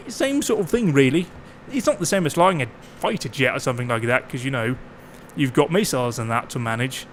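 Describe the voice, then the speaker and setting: With lively intonation in a mid-range voice, a man streams a farming game, chatting loosely and joking around. He swears freely and throws in quick mock voices, and there's slight background noise.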